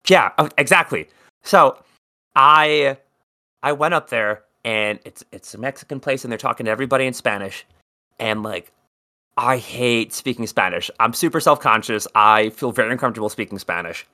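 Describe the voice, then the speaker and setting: South jersey guy on a podcast, bright voice, rambling story, cusses a lot. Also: medium pitch, moderate pace. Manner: rambling storyteller, swears freely. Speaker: podcast co-host. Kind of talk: casual chat.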